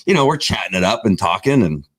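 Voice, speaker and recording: A middle-aged man, co-host of a casual talk show, telling a long story and acting out the voices in it. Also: quick pace. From Southern California. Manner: animated storyteller, acts out voices with big pitch jumps. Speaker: podcast co-host.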